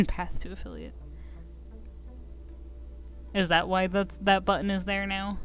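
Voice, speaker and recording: Give me a giggly, slow-talking woman streamer. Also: medium pitch, little pitch movement, soft background music. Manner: giggly, self-mocking, rambling. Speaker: game streamer. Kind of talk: casual live-stream chat.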